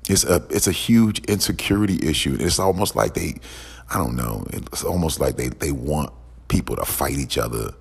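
Very deep gravelly man ranting angrily. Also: lively intonation, normal speed. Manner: heated, profane, repetitive. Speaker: podcast host. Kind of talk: angry ranting monologue. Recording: long echoing reverb.

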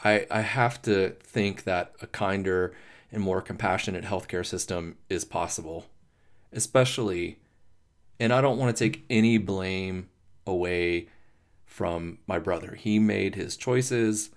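A man hosting a podcast, talking through grief in a halting, emotional monologue, swearing and restarting often. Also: deep voice. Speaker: podcast host. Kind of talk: personal reflective monologue.

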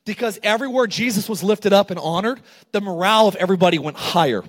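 A man with a notably high voice preaches with lively storytelling energy. He slips into casual asides, then rises to loud, emphatic calls to his congregation. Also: quick pace. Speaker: pastor. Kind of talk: sermon.

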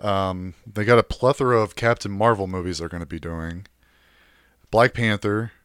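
A man co-hosting a podcast in relaxed, casual conversation. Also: lowish voice, moderate pace, clear, resonant tone, no room sound, studio quality. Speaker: podcast co-host. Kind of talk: casual chat.

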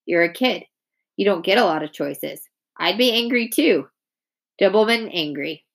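A woman reading aloud voices a gruff, reclusive older woman who speaks bluntly and dryly. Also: mid-range voice, expressive, normal speed.

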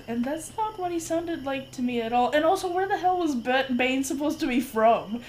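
Woman co-host, higher voice, loose bilingual chat, lively storyteller; faint noise in the room. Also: normal speed, hardly any pauses, rough recording. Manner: switches between English and Spanish mid-sentence; animated storyteller, laughs often. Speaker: podcast co-host. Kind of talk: casual chat.

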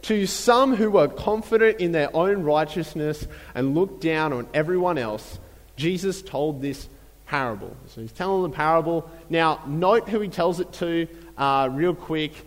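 A man preaching a sermon in a relaxed, conversational way, with many fillers and repeated phrases. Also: a little high, a little slow, in a large hall, low-quality recording. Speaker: pastor.

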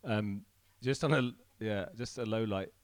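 A man talks casually about leading a church group, relaxed and a little hesitant. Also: on the low side, measured pace, no echo. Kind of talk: casual talk.

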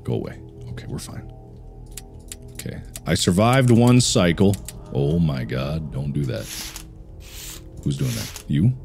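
Jumpy low-voiced man playing a horror game. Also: huge pitch swings, a little slow, creaky, pauses often, darkish tone, soft background music. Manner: jumpy, talks to himself, frequent swearing and frantic repeats. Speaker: gaming channel host. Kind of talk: horror game let's play commentary.

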